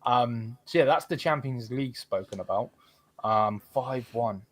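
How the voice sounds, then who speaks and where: A man's voice: mid-range voice, a little slow, a bit bright, dry recording. Rambling man hosting. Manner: rambling, swears freely, many fillers. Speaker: podcast host. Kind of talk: casual football chat.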